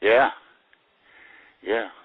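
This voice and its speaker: A man's voice: very slow, no room sound, narrow, tinny audio. An older man, a guest actor, telling chuckling anecdotes in a casual interview. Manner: chuckling storyteller with lively voices for quoted people.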